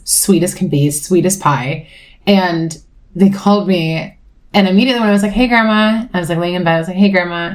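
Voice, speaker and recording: A young adult woman reading tarot in casual chat, rambling with many fillers, emotional and swearing freely. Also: sits low. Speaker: tarot reader.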